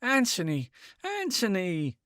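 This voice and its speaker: A man's voice: sits high, huge pitch swings, slow, dry recording, studio quality, pitched above the performer's own voice, heavily acted. A man voicing a desperate, lovesick young woman who pleads through tears. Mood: imploring. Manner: pleading, tearful.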